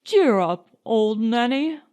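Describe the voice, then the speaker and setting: Woman doing a young British captain, teasing, mock-formal, lively, audiobook. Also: on the high side, slow. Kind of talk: audiobook character reading.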